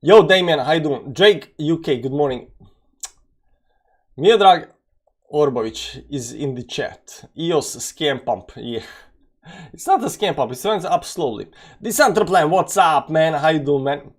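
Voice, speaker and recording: A young man hosting a daily live-streamed market show, chatting casually, greeting viewers by name and filling pauses with "you know". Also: on the high side, lively intonation. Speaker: crypto market show host.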